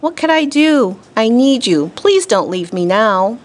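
A woman voicing a brave, stubborn boy who never grows up, crying out excitedly in a read-aloud storybook. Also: unhurried. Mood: pleading. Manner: excited, high-pitched cries.

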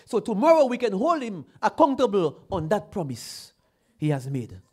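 High, lively preacher man. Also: normal speed, husky. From Dominica. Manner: repeats phrases, builds to loud exclamations. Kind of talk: sermon.

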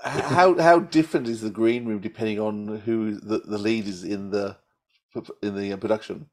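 A man interviewing a guest, asking his questions in a halting, hesitant way. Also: on the low side.

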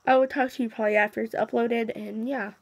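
A woman's voice: fairly high pitch, fairly even intonation, quick pace, noisy background. A teenage girl vlogging casually after the dentist, her mouth still numb, rambling with lots of fillers and counting aloud. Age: teens. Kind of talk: casual vlog to camera.

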